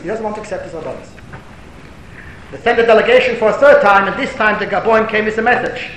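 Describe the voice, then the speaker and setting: High-voiced man lecturing in an echoey hall. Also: fairly bright tone. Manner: storytelling, rising to emphatic declamation; mixes Hebrew and Yiddish terms. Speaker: rabbi answering a question. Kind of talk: Torah lecture. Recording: echoey hall with faint rumble.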